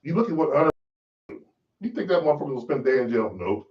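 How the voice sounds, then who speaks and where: A man hosts a podcast in a loud, preachy rant full of profanity. His pitch leaps up and down as he pushes his points. The sound is dull and lo-fi, picked up from a distance in a roomy space. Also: sing-song, quick pace. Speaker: podcast host. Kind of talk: ranting monologue.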